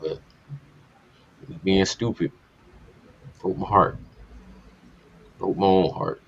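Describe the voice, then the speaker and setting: Deep-voiced man telling a candid story. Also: steady tone, slow, gravelly, slight background noise. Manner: candid, profane, rambling. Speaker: podcast co-host. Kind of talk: casual storytelling chat. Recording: dull lo-fi podcast audio.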